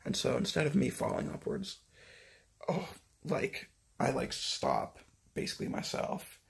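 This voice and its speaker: A man's voice: mid-range voice, wildly swooping pitch, unhurried, vocal fry, slightly rough. A man casually recounting a story in a rambling monologue, swearing constantly and leaning on filler words. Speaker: vlogger recounting a dream.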